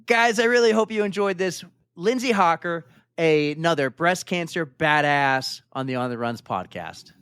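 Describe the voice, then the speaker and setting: A man's voice: fairly high pitch, animated, normal speed, hardly any pauses, fairly bright tone, smooth, no room sound, clean studio sound. A man with a Boston accent co-hosting a casual running podcast, upbeat and rambling. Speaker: podcast co-host.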